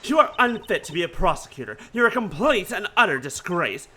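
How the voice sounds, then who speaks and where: A man's voice: high voice, very animated, brisk, bright, forceful tone, a little hiss or hum, full character voice. A man voicing a smug, scheming older male prosecutor who talks down to people in a mannered, condescending way. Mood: scolding.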